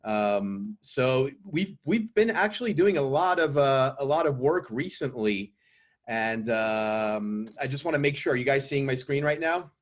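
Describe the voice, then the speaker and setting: A French-accented man presents his business to a panel over a video call. His voice sits at an ordinary middle pitch, and he speaks with plenty of hesitations and a light, joking touch. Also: expressive, unhurried. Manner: hesitant, many filler sounds, self-deprecating humor. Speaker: company founder pitching to judges.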